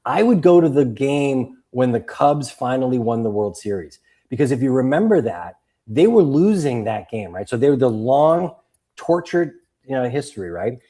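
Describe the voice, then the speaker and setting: A Boston man in his fifties, guesting as an author and coach, speaks in a mid-range voice at a moderate pace. He tells stories animatedly in this casual interview, acting out the voices of those he quotes.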